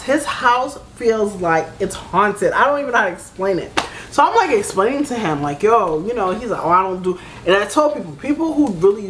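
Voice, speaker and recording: A young woman tells a personal story straight to camera, her pitch leaping high and swooping low as she acts out each side of a quarrel. She talks loosely and profanely, with "baby" and "right?" sprinkled through, and a faint hum of noise sits behind her. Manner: animated, swears freely, keeps saying "baby" and "right?", acts out both sides of a fight. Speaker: storytime vlogger. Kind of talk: casual storytime monologue.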